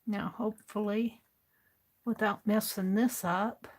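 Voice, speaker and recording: A woman streams her art journaling, chatting casually and talking to herself as she works, rambling and amused at her own remarks. Her voice is medium in pitch, fairly even in intonation, and slow.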